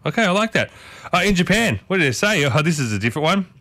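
A man's voice: high-pitched, very animated, fast, sharp tone, no room sound. A man hosting a morning radio show, chatting casually and playfully, often restarting his sentences. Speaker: radio host. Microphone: studio microphone.

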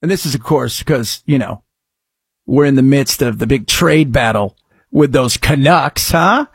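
Sarcastic husky-voiced talk host. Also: male voice, medium pitch, unhurried, no room sound, clean studio sound. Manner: sarcastic, mock-shouting bursts. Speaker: radio talk show host. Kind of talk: sarcastic political talk commentary.

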